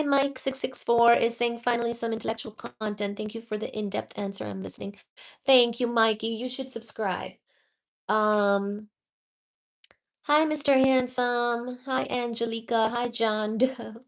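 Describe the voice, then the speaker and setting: A woman's voice: a little high, fairly even intonation, a little slow. A woman hosting a live physics study stream, explaining loosely with lots of "you know" and greeting viewers one by one from the chat. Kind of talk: casual livestream teaching and chat reading.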